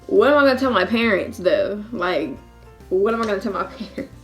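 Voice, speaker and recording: A young woman in her twenties chats through a storytime vlog, lively and full of laughs as she acts out the voices of family and friends. Her voice sits at an ordinary middle pitch, and faint music plays underneath. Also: normal speed. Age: 20s. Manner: animated, acts out quotes with laughs. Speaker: vlogger. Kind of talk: casual storytime.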